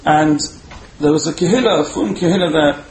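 A man giving a storytelling sermon as a Torah speaker, animated and repeating words for emphasis. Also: a little high, fairly quick. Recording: roomy echo, faint background hum.

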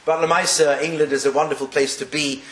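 A man's voice: a little high, level tone, fast talker. A man teaching a class on Jewish texts, joking and putting rhetorical questions to his students. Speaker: Torah teacher. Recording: echoey room.

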